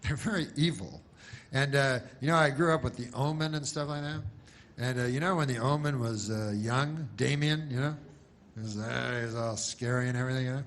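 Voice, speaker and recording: A man telling a long stand-up joke in a dry, rambling way, with many stops and restarts. His voice sits in the middle range. A faint hiss of noise runs behind him. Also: medium pitch. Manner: rambling deadpan delivery with long pauses and restarts; mocks a pushy announcer in loud bursts. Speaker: comedian. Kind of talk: stand-up comedy routine.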